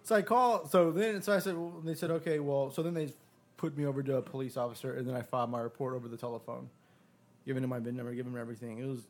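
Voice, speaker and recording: A man's voice: mid-range voice, very fast. A man casually telling a long story as a podcast guest, swearing often and acting out the other people's lines. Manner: profane, animated retelling with quoted dialogue.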